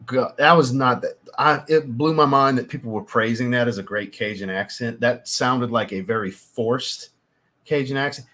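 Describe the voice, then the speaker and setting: A husky-voiced man talks straight to his livestream audience. His pitch sits in an ordinary middle range, and he rambles in a casual, chatty way that turns theatrical when he gets worked up. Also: moderate pace, sharp tone. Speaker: fragrance reviewer hosting a livestream.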